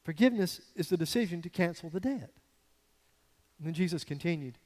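A man preaching a sermon as a pastor, swinging from quiet, low passages to loud, emphatic ones. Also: lively intonation, fairly quick, big-room sound.

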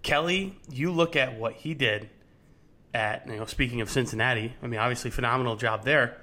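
A man's voice: mid-range voice, a little fast, sharp tone. A young man co-hosting a sports podcast, chatting casually and rambling with many restarts. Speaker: podcast co-host.

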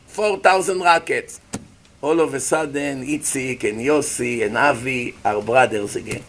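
A man giving a lively sermon as a rabbi, acting out little scenes and asking his listeners questions. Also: medium pitch, a little slow, a little hiss or hum. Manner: animated preacher, acts out voices, asks the audience questions. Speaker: rabbi giving a Torah class.

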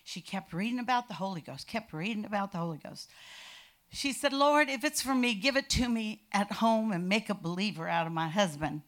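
Older woman, bright tone, animated church testimony with shouted peaks. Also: medium pitch, a little fast. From California. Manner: animated storytelling, bursts into shouting. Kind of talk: personal testimony.

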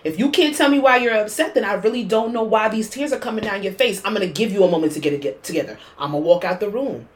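Woman, casual podcast chat, animated, profane, frequent laughter. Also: medium pitch, fast, few pauses. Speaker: podcast co-host.

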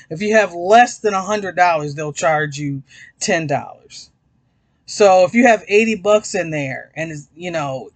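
A man hosts his own podcast, chatting in a rambling, casual way, swearing freely and calling his listeners "y'all." His voice is fairly high, with no echo.

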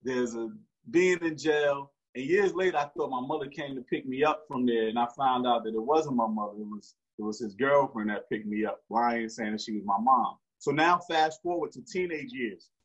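A man's voice: medium pitch, normal speed, fairly bright tone, husky. A man, telling a story in slangy street talk with frequent restarts. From Newark, New Jersey. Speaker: interview guest. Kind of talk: casual storytelling. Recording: dull lo-fi recording.

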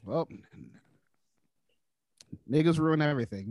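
A man's voice: medium pitch, animated, fairly quick, slight background noise. A man talking on a podcast, speaking bluntly with plenty of profanity in a laid-back way. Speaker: podcast guest. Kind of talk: casual podcast banter.

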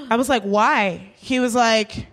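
A woman co-hosts a live comedy show and tells a story with a lot of energy, jumping in and out of voices for each person in it. Her voice sits fairly high, and she swears casually as she goes. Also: normal speed. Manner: animated, acts out quoted people, swears casually. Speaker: co-host and stand-up comedian.

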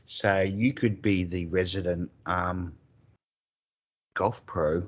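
A man joking around in quick banter as a podcast co-host. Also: low-pitched, steady tone, lo-fi sound. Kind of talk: casual chat.

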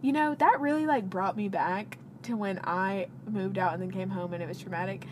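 A young woman co-hosting a podcast chats casually, her mid-range voice moving at a moderate pace as she tells playful stories, animated and laughing. Background noise runs under the recording.

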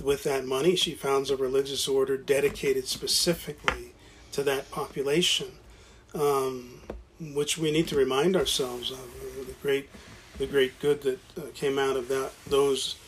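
A man's voice: medium pitch, a bit bright, slight background noise. A man talking casually about founding a college, stopping and restarting often, repeating words as he goes. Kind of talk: casual conversation.

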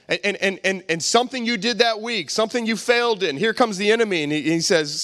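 A man's voice: high voice, fast talker, hardly any pauses, a bit bright. A man preaching a sermon as pastor, emphatic and repetitive, with frequent rhetorical questions to the congregation.

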